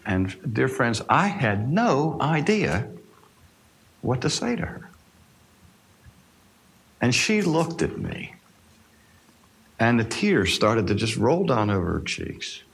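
Husky, lively-voiced male minister telling a story. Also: mid-range voice, slow pace, pauses often. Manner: earnest, reflective storyteller, quoting others. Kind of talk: storytelling sermon.

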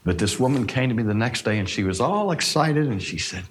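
Husky, lively-voiced male minister telling a story. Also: medium pitch, fairly quick. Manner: earnest, reflective storyteller, quoting others. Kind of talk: storytelling sermon.

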